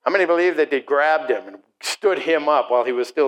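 A middle-aged man preaching a sermon to a congregation, animated, acting out short mocking voices and asides. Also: on the high side, a little fast, few pauses, low-quality recording. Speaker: pastor.

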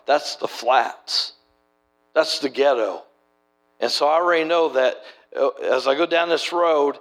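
In a fairly bright, mid-range voice, a middle-aged man who preaches and plants churches shares stories from the pulpit. He keeps it folksy and conversational, frequently starting lines over.

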